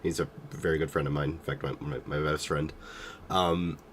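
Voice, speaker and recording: A man's voice: extremely low pitch, steady tone, normal speed, a little hiss or hum. A young man streaming a game, talking casually and rambling with many hesitations, sounding sick and tired. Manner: rambling, hesitant, self-deprecating. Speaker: gaming streamer.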